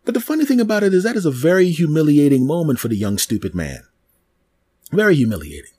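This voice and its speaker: A man hosting a comedy podcast, telling a story in an animated, repetitive way with mouth sound effects. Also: fairly high pitch, quick pace, slightly rough, no room sound. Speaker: podcast host.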